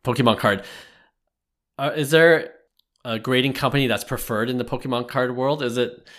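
A man's voice: medium pitch, fairly even intonation, normal speed, fairly bright tone. A man hosting a casual podcast chat, steering the talk. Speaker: host.

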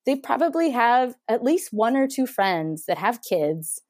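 A woman's voice: a little high, very animated, a little slow, a little mellow, no room sound, clean studio sound. A woman in her thirties from Mexico, earnestly telling a personal story as a podcast guest, with many restarts.

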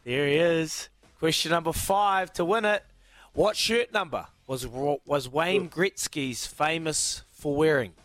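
A man's voice: fairly high pitch, fairly bright tone, dry recording. A man with a New Zealand accent hosting a radio sports quiz, jokey, laughing and calling callers mate. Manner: jokey, quick to laugh, calls everyone mate. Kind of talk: breezy radio banter.

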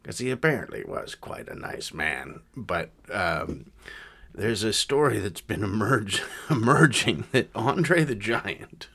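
A male comedy podcast co-host with a deep, forceful voice. He wanders through anecdotes in easy, loose chat with plenty of fillers. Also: very animated, slow, vocal fry. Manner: rambling, with frequent fillers and chuckles.

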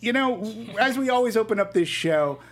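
A woman hosting a casual panel film review, chatty and halting with restarts. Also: a little high, animated. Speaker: host.

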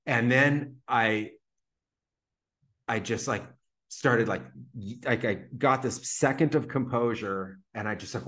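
A podcast guest tells a casual story, vividly retelling it with plenty of "like" fillers. His voice is medium-pitched and a bit bright, and he speaks slowly.

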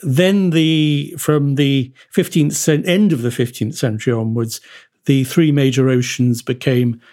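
A male historian speaking as a podcast guest, explaining at length in a measured, discursive way with many asides. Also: mid-range voice, fairly even intonation, a little mellow.

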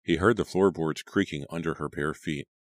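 A man reading a horror story aloud as an audiobook narrator, in a measured storytelling manner. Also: extremely low pitch, no echo. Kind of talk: scripted narration.

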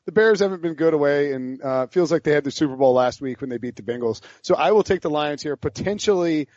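Animated, rambling male podcast host. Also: on the high side, fast talker, no echo. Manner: rambling, animated storyteller who laughs mid-sentence. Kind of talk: casual sports podcast banter. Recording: dull, dry lo-fi podcast audio.

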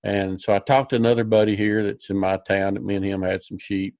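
A man on a podcast delivers a folksy, rambling story riddled with fillers and restarts. His voice is lowish and darkish, brisk yet flat in delivery, with no echo at all.

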